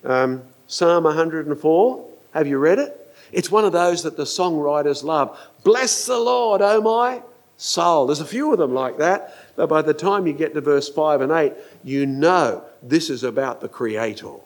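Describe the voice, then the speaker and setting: Older male preacher, animated sermon delivery with a somewhat high voice, acts out quoted lines. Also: normal speed.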